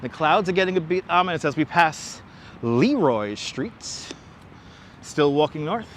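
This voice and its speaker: On a city street outdoors, a man hosts a casual walking livestream through a wireless clip-on mic, chatting eagerly, greeting viewers by name and reading their comments aloud. His voice is on the high side, animated and unhurried. There's slight background noise.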